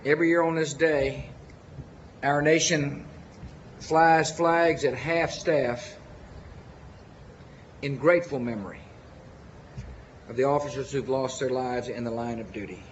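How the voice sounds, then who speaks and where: A man's voice: medium pitch, steady tone, lo-fi sound, a little hiss or hum. Earnest Texan man at a podium. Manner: earnest, measured, with deliberate pauses. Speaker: president giving a memorial speech. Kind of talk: formal ceremonial speech.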